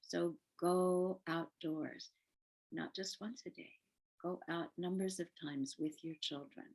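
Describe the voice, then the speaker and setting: An older woman giving gentle, earnest advice to parents and teachers, often repeating words softly for emphasis. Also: fairly low pitch, steady tone, slow pace, low-quality recording. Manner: warm, gentle advice with soft emphatic repetition. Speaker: parenting educator.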